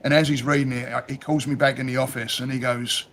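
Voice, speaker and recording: A man's voice: mid-range voice, steady tone, quick pace, fairly bright tone. A man from South East London with a Cockney accent, chatting casually, telling stories and swearing freely. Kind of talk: casual chat.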